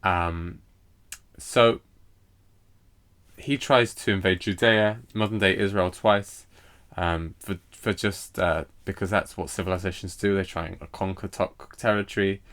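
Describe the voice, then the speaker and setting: A man's voice: sits low, steady tone, a bit bright. A man teaching a recorded poetry lesson, hesitant and full of fillers as he explains meter. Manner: hesitant, lots of fillers and restarts; reads poetry lines aloud slowly with stress.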